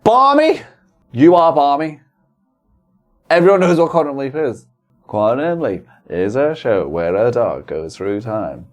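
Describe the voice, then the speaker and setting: A man's voice: medium pitch, big pitch swings, normal speed, darkish tone, faint music behind. A man co-hosting a podcast in joking, casual chat, playful and silly. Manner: playful, silly, putting on goofy voices. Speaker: podcast co-host.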